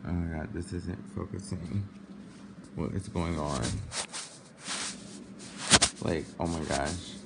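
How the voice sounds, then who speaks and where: A man's voice: deep voice, takes it slowly, vocal fry, pauses often. A man vlogging to camera in a dramatic, panicky, flamboyant way. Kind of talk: casual vlog talk to camera. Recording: noisy recording with steady background noise.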